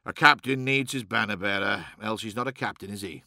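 A man voicing a sour-faced, laconic male banner bearer who speaks slowly and dryly. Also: lowish voice, no room sound, clean studio sound, voice pushed down. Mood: deadpan. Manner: slow, deadpan.

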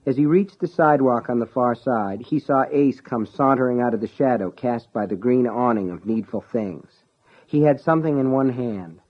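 A man's voice: medium pitch, normal speed. Man narrating a story on a tinny line. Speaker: audiobook narrator. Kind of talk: scripted narration.

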